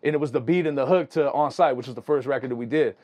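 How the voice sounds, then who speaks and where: A young man, a music producer, telling stories in a casual, slangy, animated way. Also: mid-range voice, fast. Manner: animated, slangy, full of "you know what I'm saying". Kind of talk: casual storytelling.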